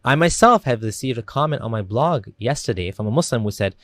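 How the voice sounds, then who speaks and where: A man reads a scripted critical commentary in a measured, pointed manner. His pitch sits in the middle, and the recording is close and dry with no room sound. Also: expressive, a bit bright, dry recording. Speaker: commentary channel host.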